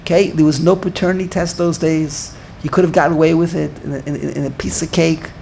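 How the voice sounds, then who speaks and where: An older man teaching an informal Torah class, animated, repeating words and searching for the right word. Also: on the high side, fast, vocal fry, a little hiss or hum.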